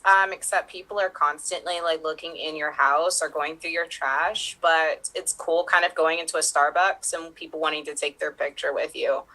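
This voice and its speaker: A laid-back young celebrity influencer, played by a woman who talks in loose, casual fillers. Her voice is on the low side yet bright and forward. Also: poor audio. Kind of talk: improvised comedy role-play.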